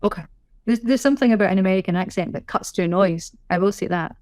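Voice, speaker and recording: A middle-aged Scottish woman, a sign language interpreter, chatting in a podcast interview with a lively, self-deprecating way of telling things. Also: medium pitch, fast talker, dry recording, studio quality. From Scotland. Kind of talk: casual interview chat.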